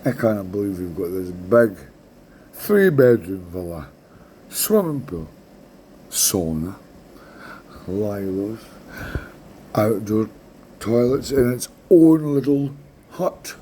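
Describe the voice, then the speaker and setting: A man's voice: lowish voice, expressive, takes it slowly, long pauses, mellow, a little hiss or hum. A Scottish man in his sixties telling a rambling story in casual chat, swearing freely and tagging "right?" onto his sentences. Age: 60s. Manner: rambling, swears a lot, keeps adding "right?". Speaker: vlogger.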